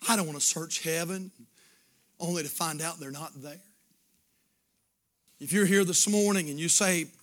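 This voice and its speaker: A man pastor, preaching a sermon that swings from shouted fervor to hushed pleading in an altar call. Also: a little high.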